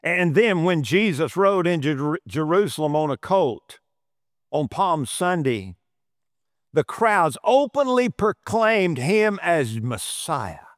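Pastor guy preaching, kinda high voice, dry close sound, hammers his points. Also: very animated, takes it slowly, no room sound. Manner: emphatic, repeats phrases for stress. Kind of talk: sermon.

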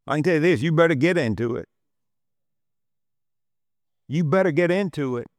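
Pastor guy preaching, kinda high voice, dry close sound, hammers his points. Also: lively intonation, normal speed, dry recording. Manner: emphatic, repeats phrases for stress. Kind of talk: sermon.

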